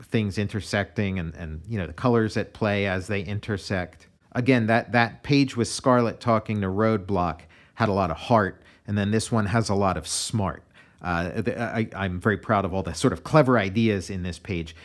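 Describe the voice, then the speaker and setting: Low-voiced man rambling about his comics. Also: moderate pace. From United States. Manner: relaxed and meandering, often restarting sentences. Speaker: comic artist. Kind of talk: casual commentary on his comic pages.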